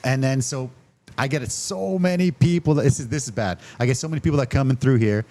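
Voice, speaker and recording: Canadian man telling lively stories. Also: mid-range voice, fast, a little hiss or hum. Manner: animated storyteller who slips into voices for other people. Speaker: podcast host and cantina owner. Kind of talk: casual chat over drinks.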